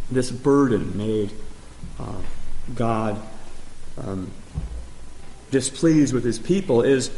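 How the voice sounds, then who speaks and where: Slow, echoey male preacher. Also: mid-range voice, a little mellow. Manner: slow, emphatic preaching with pauses and restarts. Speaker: pastor. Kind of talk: sermon. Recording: echoey room.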